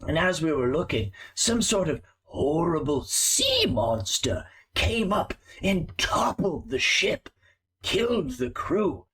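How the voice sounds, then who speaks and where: A man voicing an old male rat telling of a lost ship and litters, slow and mournful. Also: a little high, sing-song, fairly bright tone, breathy edge, voice pushed up, heavily acted, rough recording. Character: old male sewer rat, weary storyteller.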